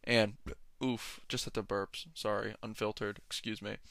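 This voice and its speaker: Young male podcast host, rambling jokey rants, smooth voice, dry close sound. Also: lowish voice, little pitch movement, a little slow, fairly bright tone, no echo. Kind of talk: casual solo podcast monologue.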